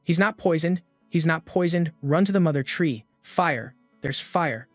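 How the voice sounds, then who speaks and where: A man's voice: a little high, measured pace, no echo, faint music behind, lightly acted. A man voicing a swarm of man-eating demon flowers that moan in a repetitive chant. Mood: panicked.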